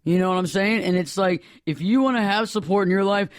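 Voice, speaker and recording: Male talk host, upbeat and jokey, high voice, close dry studio sound. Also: a little fast, no echo. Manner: playful, motivational, jokey asides. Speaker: radio show host. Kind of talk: casual radio talk.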